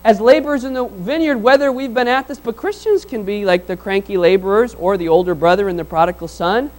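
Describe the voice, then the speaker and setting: Guy with a pretty high voice preaching, chatty and animated, does little voices for the folks in his stories. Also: a little fast, hardly any pauses, low-quality recording. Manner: conversational and animated, acting out quoted people. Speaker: pastor. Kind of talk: sermon.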